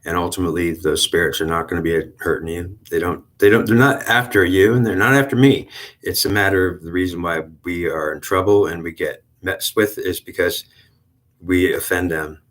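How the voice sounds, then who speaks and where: A man giving a halting, rambling spiritual monologue with lots of restarts and repetition. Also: sits low, a bit bright. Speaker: channel host.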